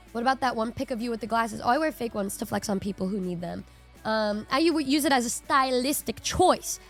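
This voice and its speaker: A young woman streamer telling a funny story to her chat in a casual way, lively, swearing and acting out what people said. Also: high voice. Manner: animated, swears, acts out quotes.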